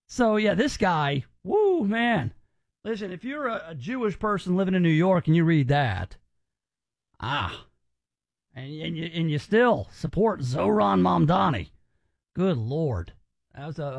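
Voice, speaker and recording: A man's voice: high voice, creaky, no echo. A male radio talk show host giving emphatic, opinionated commentary in a chatty way.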